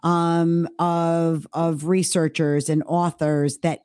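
A woman co-hosting a podcast, talking casually and stressing her main points by slowing down on key words. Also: low-pitched, flat delivery, a little mellow, clean tone, no room sound, clean studio sound. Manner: emphatic, stresses key words with slowed delivery. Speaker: podcast co-host.

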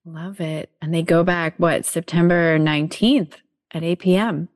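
A woman's voice: lowish voice, fairly even intonation, measured pace, darkish tone. A woman chatting casually, enthusiastic and agreeable, laughing easily. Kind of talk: casual chat.

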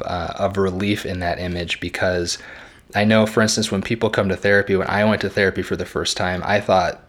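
A man's voice: deep voice, little pitch movement, fairly quick. Reflective man hosting a podcast. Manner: reflective, gentle, many fillers and restarts. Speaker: podcast host. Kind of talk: reading aloud then live book-club chat.

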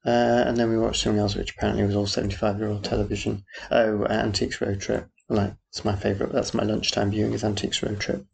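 A middle-aged man chats on his solo podcast, wandering from one thing to the next with self-deprecating asides. His voice sits low. It has a gravelly, creaky edge. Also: level tone, fast talker, few pauses, darkish tone, a little hiss or hum. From Yorkshire, England. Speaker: podcast host. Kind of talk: casual solo podcast chat.

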